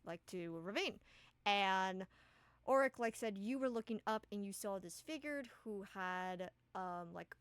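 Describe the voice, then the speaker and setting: Lady gm narrating a tabletop game, slow and chatty, lots of ums. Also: medium pitch, smooth, dry recording. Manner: casual, filler-heavy. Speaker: game master.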